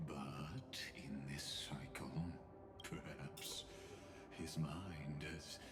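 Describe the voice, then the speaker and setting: A man voicing a mysterious figure who speaks in hushed riddles in a game. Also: a bass voice, fairly even intonation, extremely slow, over loud music, heavily acted. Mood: cryptic. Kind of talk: game voice acting.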